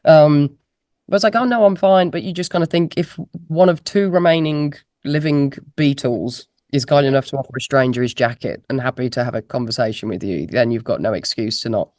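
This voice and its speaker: A woman's voice: very deep voice, fairly quick, darkish tone, dry recording, clean studio sound. A woman, a guest musician chatting casually in an interview and laughing at herself, heard through a laptop microphone on a video call. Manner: chatty, laughing, self-deprecating. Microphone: laptop mic on a video call.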